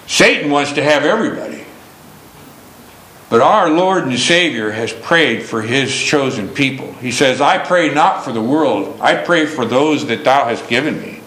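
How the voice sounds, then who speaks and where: A man preaching a sermon slowly and emphatically, stressing key words. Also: on the high side, pushed and bright, echoey room, a little hiss or hum, low-quality recording.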